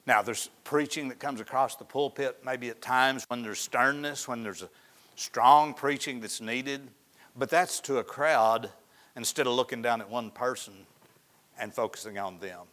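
A man preaching a sermon in a folksy storytelling way, often dropping to soft, hushed tones. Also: mid-range voice, normal speed. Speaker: pastor.

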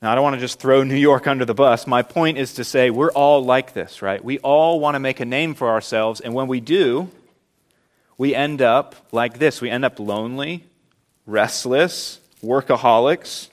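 A man preaching a sermon as pastor, earnest and emphatic, slowing down to stress key words. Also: mid-range voice.

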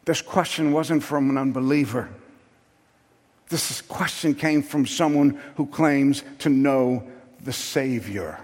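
Impassioned preacher in a reverberant hall. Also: male voice, mid-range voice, slow. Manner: impassioned, rising to loud emphatic peaks. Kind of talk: sermon.

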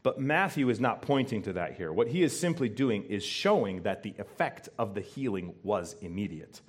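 A man preaching a sermon as pastor to his congregation, emphatic and animated, often asking them questions. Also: lowish voice, husky. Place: church before a congregation.

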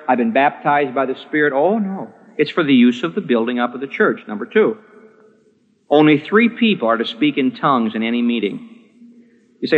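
Pastor guy preaching, punchy and emphatic, echoey church, kinda muffled old tape sound. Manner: emphatic, rising to stress points then dropping low. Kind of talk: sermon. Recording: dull lo-fi recording with long hall reverb.

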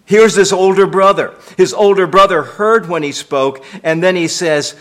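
A man's voice: sits high, moderate pace, hardly any pauses, fairly bright tone. A man delivering a sermon as pastor, emphatic and repetitive, asking rhetorical questions.

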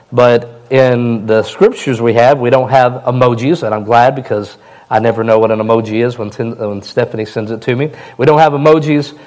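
A man preaching a sermon in a plain, conversational way, his voice a little hoarse. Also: mid-range voice, a little mellow, low-quality recording. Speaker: pastor.

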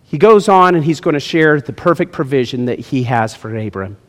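Animated male pastor in a reverberant church. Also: mid-range voice, moderate pace. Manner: animated, jokey, swings from loud to hushed. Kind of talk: sermon. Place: church sanctuary.

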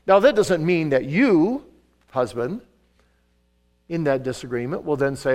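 An older man preaching a sermon in a church, pressing some words hard and dropping others to a hush. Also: a little high, expressive, measured pace, long pauses. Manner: emphatic, swings between loud stresses and soft asides. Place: church sanctuary.

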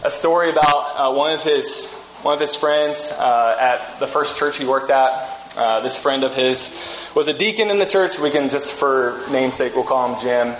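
A man giving a conversational sermon, telling a story with relaxed restarts. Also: mid-range voice, moderate pace, a little hiss or hum. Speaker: pastor. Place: church sanctuary. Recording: echoey room with faint ambience.

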